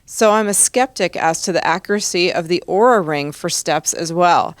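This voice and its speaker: Female co-host reading listener mail on the air; smooth voice, dry studio sound. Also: fairly low pitch, moderate pace, no room sound. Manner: reads questions aloud, brief interjections.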